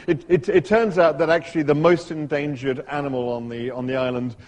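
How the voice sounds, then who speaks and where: Brief: a male speaker telling a story with dry humor and many restarts, slightly high voice, lecture hall reverb. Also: steady tone, normal speed, darkish tone. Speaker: speaker giving a talk to an audience. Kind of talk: live talk with a read-aloud passage.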